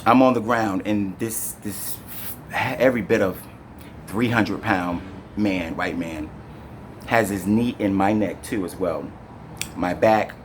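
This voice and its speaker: Man telling a painful story, halting. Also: low voice, slight background noise. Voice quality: rambling, halting with many fillers and restarts. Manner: animated, addresses viewers directly. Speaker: storyteller recounting an arrest. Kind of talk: emotional first-person storytime to camera.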